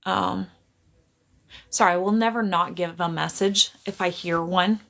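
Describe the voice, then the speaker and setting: Gravelly-voiced woman psychic medium on a livestream. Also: lowish voice, steady tone, a little slow, a bit bright. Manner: laughs often, keeps apologizing, easily sidetracked. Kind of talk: casual livestream chat. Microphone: camera on a tripod.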